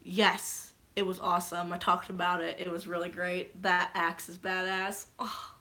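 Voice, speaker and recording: Bright, excitable young woman vlogger. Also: on the low side, moderate pace. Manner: rambling, swears freely, bursts into shouts. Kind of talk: excited movie recap on a live stream.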